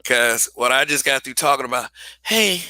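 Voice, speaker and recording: A man's voice: mid-range voice, little pitch movement, a little fast, pushed and bright, dry recording. A man hosting a livestream, talking casually and bluntly, swearing, restarting sentences and repeating phrases for emphasis. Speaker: livestream host.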